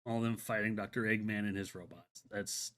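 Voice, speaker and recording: A man's voice: lowish voice, fairly even intonation, normal speed, fairly bright tone. A man hosting a solo live-stream show, chatting casually and enthusiastically, rambling with many restarts and filler words.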